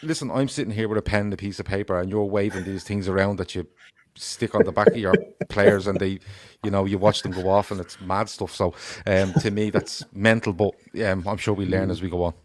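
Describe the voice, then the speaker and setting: Low-voiced guy co-hosting, dry close sound, jokes about himself a lot. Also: brisk, dry recording. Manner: self-mocking, animated, repeats words. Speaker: podcast co-host. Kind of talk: casual podcast chat.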